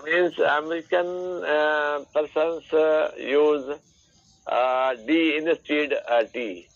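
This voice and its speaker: A man's voice: on the high side, steady tone, slow. A man as a student in an English lesson, hesitant and polite, answering briefly and saying sir. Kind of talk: casual spoken English lesson. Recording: dull lo-fi call audio.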